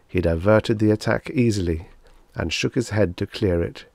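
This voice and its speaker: A man narrating a science fiction short story in a measured, steady reading. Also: on the low side, gravelly, no echo. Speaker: audiobook narrator.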